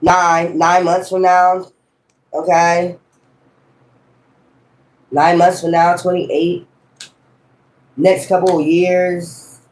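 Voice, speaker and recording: A man's voice: sits high, flat delivery, drawn-out words, long pauses. Profane, rambling man in an echoey room. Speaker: tarot reader. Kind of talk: casual tarot reading monologue.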